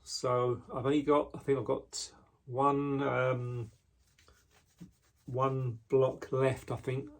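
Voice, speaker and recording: A man casually showing the knives he makes, talking in a relaxed way with frequent ums and restarts, indoors in his workshop. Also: medium pitch, takes it slowly, gravelly. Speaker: knife maker. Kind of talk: casual product walkthrough.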